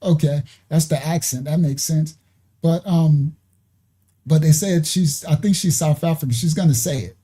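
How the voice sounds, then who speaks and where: A man hosting a reaction video who chats casually to his viewers as "y'all" and fills his pauses with "um". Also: fairly high pitch, warm tone, breathy edge. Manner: chatty, talks to viewers as "y'all", hesitant fillers.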